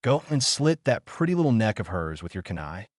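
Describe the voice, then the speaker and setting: A man's voice: fairly low pitch, very animated, brisk, dry recording. A man voicing a cruel male fox demon that mocks and gloats, taunting in a raised voice. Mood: angry.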